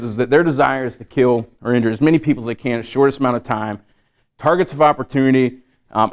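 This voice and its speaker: A man giving a live safety training to a room of trainees, talking in a loose, conversational way full of fillers and repeated words. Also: mid-range voice.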